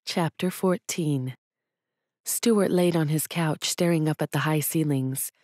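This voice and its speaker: A woman narrating an audiobook in a calm, even storytelling manner. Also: deep voice, unhurried, no echo, clean studio sound. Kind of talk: scripted narration.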